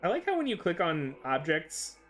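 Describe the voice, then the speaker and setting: A man's voice: fairly high pitch, huge pitch swings, moderate pace, fairly bright tone, soft background music. A young man co-playing a game, chatting casually with playful, boastful banter. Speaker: co-player. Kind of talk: casual gameplay chat.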